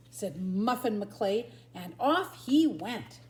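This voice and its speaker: An older grandmother reading a picture book aloud to her grandchildren in a lively sing-song manner. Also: a little high, slow. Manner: sing-song, lively storyteller, barks and yips for the dogs. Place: at home. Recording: roomy echo.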